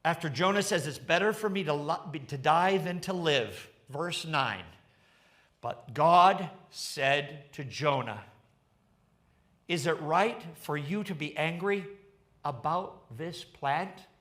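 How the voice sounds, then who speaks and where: A man preaching a livestreamed sermon in a high-pitched voice. He takes his time, speaking slowly and deliberately. He turns animated and builds to fervent emphasis. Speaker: pastor.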